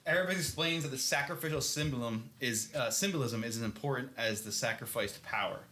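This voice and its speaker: A man's voice: medium pitch, fairly quick, pushed and bright. A man co-hosting a podcast, recapping a book in loose, rambling casual chat, swearing and laughing often. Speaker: podcast co-host. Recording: echoey room.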